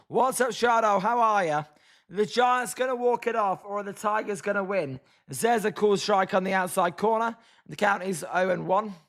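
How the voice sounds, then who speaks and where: A hoarse British man hosting a casual baseball watch-along stream, reading chat and grumbling about his team. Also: high voice, fairly bright tone. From Britain. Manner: chatty, reads chat names, groans at the team. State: hoarse, voice tiring. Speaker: livestream host.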